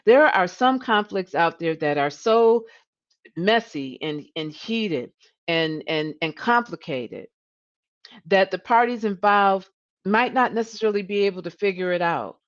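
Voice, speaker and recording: A woman's voice: medium pitch, expressive, measured pace, muffled recording. A woman coach hosting a live-streamed coaching talk, earnest, often repeating words and saying "you know". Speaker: leadership coach and host.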